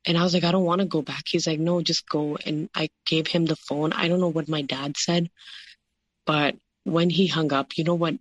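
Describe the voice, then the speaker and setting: A woman guest recounting a personal story in an interview, halting and filling her talk with "like" and "you know". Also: deep voice, fairly even intonation, no echo.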